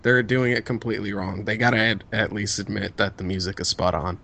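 Low-voiced man chatting casually. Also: fairly even intonation, brisk, gravelly, pushed and bright. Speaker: podcast co-host. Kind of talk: casual chat.

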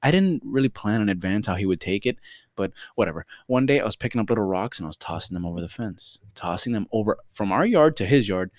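A man's voice: fairly low pitch, animated, fast, dry recording, clean studio sound. A man co-hosting a casual podcast, telling a story with lots of laughter and swearing. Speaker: podcast co-host.

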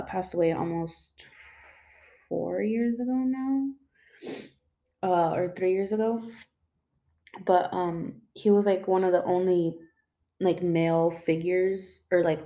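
A young woman with a mellow, lowish voice, mixed in with the audio, tells a personal story. She rambles casually, using lots of fillers, with emotional moments along the way.

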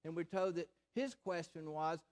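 A male pastor preaching a sermon, stressing words, slowing on key phrases and asking the congregation rhetorical questions. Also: on the high side, darkish tone.

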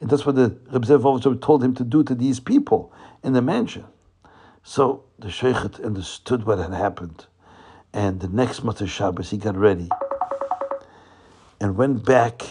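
Gravelly male storyteller. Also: medium pitch, moderate pace, long pauses. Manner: animated, repeats phrases for emphasis, restarts. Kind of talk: animated religious storytelling.

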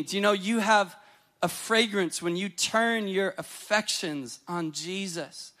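Man, American accent, sermon, earnest and tender, higher-pitched voice, young adult. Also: takes it slowly. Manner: earnest, tender, repeats words when excited. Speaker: guest pastor.

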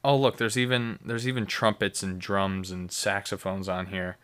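Rambling, profane young man with a low voice. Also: flat delivery, normal speed, a bit bright, clean tone. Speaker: podcast host. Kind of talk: casual beer-review chat.

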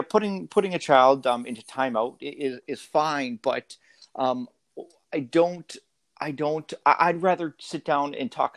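A man's voice: medium pitch, no echo. A man in his thirties, a father talking in a casual interview, hesitant and full of fillers and restarts.

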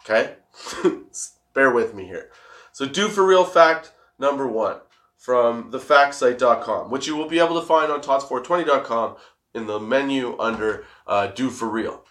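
A laid-back young man talks in a loose, rambling way, giggling often and swearing freely. He is high, and it shows in his easy, meandering delivery as he hosts a casual stoner chat. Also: animated, a little slow, fairly bright tone. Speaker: host.

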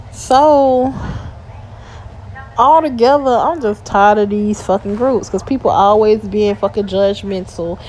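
A woman's voice: medium pitch, darkish tone. Woman ranting profanely, faint hiss. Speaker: voice message poster. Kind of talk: ranting voice message.

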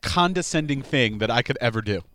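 A man's voice: medium pitch, expressive, fairly quick, a bit bright. A man in casual chat, bantering in a joking, rambling way.

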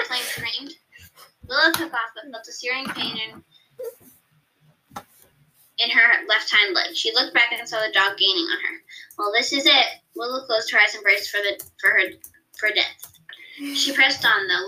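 Bright-voiced woman reading her story aloud. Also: on the high side, moderate pace, pauses often, slight background noise, low-quality recording. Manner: chatty, stops to correct herself. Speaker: podcast co-host and story reader.

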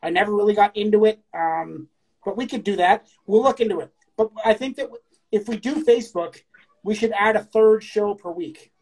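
A woman co-hosting a casual podcast, talking bluntly with lots of profanity and reading poems aloud slowly. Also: medium pitch, a little mellow, breathy edge, rough recording. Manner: crude, blunt, profane talk. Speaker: podcast co-host. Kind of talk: casual chat.

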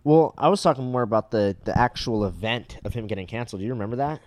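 A man chatting on a comedy podcast, relaxed and crude, laughing easily as he talks. His voice is mid-pitched and recorded close and dry, with no room sound. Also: quick pace, no echo. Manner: laid-back, profane, laughs often. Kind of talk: casual chat.

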